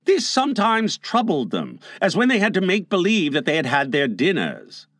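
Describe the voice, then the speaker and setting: Male storybook narrator, higher voice, animated, dry close mic. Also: moderate pace, no room sound. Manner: expressive, playful. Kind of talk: storybook reading.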